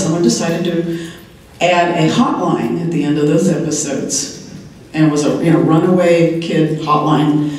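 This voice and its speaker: A woman in her sixties tells stories on a convention panel as a TV writer, chatting and laughing often, her voice a little hoarse. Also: on the low side, warm tone. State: slightly hoarse, clearing her throat. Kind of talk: anecdotal convention talk. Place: large convention hall. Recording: very echoey hall, voice heard from far off.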